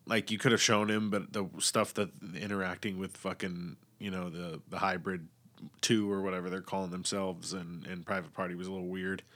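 A man with a low, slightly bright voice chats casually and at length. He's blunt and opinionated, swears freely, and rambles with plenty of fillers and restarts.

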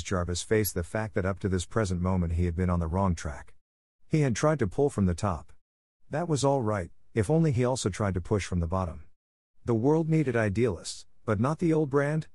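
A man narrating a classic novel in even, unhurried storytelling. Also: fairly low pitch, no room sound, clean studio sound. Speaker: audiobook narrator. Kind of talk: scripted narration.

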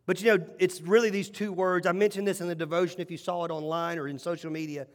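A male pastor preaching a sermon with animated, emphatic storytelling and repeated phrases. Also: high voice, quick pace. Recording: long hall reverb.

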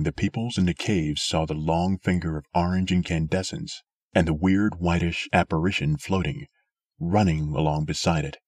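A man narrating a story aloud in a steady, measured way. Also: low-pitched, dry recording, clean studio sound. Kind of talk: scripted audiobook narration.

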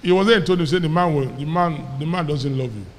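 A Nigerian man preaching a sermon, telling a story with lively quoted dialogue and having the congregation repeat after him. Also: a little high, quick pace, in a large hall. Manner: animated storyteller, quoting characters, calling on the congregation to repeat. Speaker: pastor.

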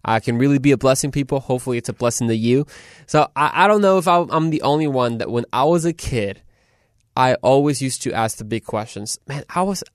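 Casting: animated podcast host, man, mid-pitched, chatty, dry close recording. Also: no echo. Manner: chatty, animated, rambling with restarts. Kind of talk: casual podcast talk.

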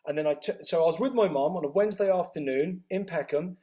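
A middle-aged man tells his life story in an interview, acting out the dialogue with quick reported speech. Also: a little high, mellow. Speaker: interview guest. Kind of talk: storytelling in conversation.

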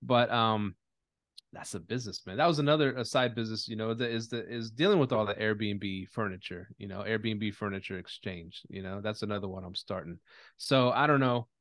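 A man's voice: fairly low pitch, fairly quick, a bit bright, no echo, clean studio sound. A man hosting a podcast in casual chat, talking bluntly with lots of profanity and restarts. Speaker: podcast host.

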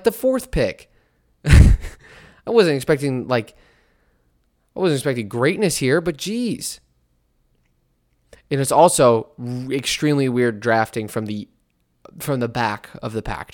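A young man hosting a casual solo sports podcast, swinging between loud mock outrage and quiet mumbled asides. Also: medium pitch, clean tone.

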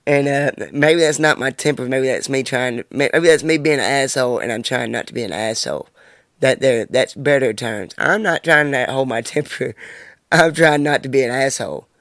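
A man's voice: mid-range voice, moderate pace, a bit bright, no echo, clean studio sound. A man in his twenties talking alone on his podcast, blunt and heavy on profanity, ranting about his life. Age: 20s. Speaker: podcast host. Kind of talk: casual monologue.

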